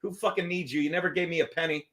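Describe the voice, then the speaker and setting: A man's voice: a little high, steady tone, very fast, fairly bright tone. A man hosting a podcast livestream, ranting in a heated, rambling way and swearing constantly. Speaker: podcast host. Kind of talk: profane livestream rant.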